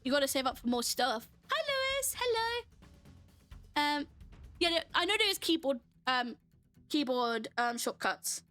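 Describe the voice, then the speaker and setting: Chatty high-voiced woman streamer. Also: very animated, unhurried, pushed and bright, faint music behind. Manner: chatty, laughing, reads out and answers chat. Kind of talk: casual live-stream chat while gaming.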